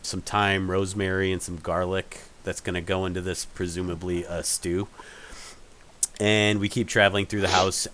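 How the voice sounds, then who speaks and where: A man's voice: low voice, a bit bright. A man narrating a tabletop game as game master, rambling with many fillers and restarts.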